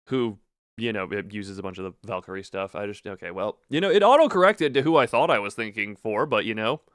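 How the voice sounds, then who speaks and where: A man's voice: medium pitch, clear, resonant tone, no room sound, clean studio sound. A man streaming a card game live, chatting with viewers in a wry, theatrical way. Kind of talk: live gameplay stream chat.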